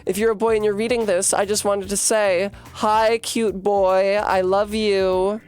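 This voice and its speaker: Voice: medium pitch, flat delivery, brisk, clear, resonant tone, soft background music, pitched above the performer's own voice, close to an everyday voice. A streamer voicing a giddy ghost girl who is obsessed with the smell of boys, in a game. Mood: swooning. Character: breathless boy-crazy ghost girl. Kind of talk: dramatic reading of game dialogue.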